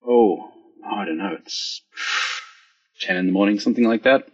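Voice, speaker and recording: A man speaking as a podcast panel guest, thoughtful and a little halting. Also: fairly low pitch, husky, lo-fi sound. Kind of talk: casual panel chat.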